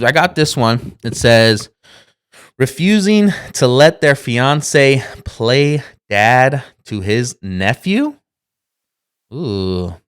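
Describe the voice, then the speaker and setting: A man in his thirties talks through a casual podcast monologue in a smooth, clear voice. He speaks slowly but with a very lively pitch that swings up and down. He rambles, restarts his sentences and swears as he goes. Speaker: podcast co-host.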